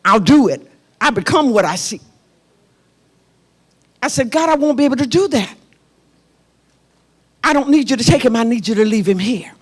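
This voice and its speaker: A woman's voice: a little high, expressive, moderate pace, pauses often, slightly rough. A middle-aged woman pastor preaching a sermon in a church. She tells a personal story with passion and speaks straight to her congregation. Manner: impassioned, personal storytelling, addresses the congregation directly. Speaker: pastor and prophet.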